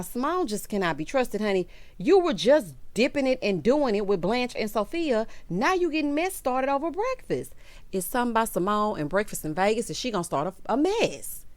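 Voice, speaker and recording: A woman's voice: fairly high pitch, no echo. A woman hosting a casual reality-TV recap, sassy and gossipy, laughing often as she talks.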